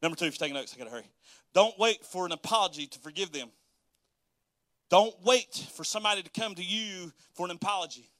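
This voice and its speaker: A man's voice: sits high, fast talker, a bit bright, no room sound, studio quality. A man preaching a sermon as pastor, folksy and dialect-heavy, laughing often and acting out quotes.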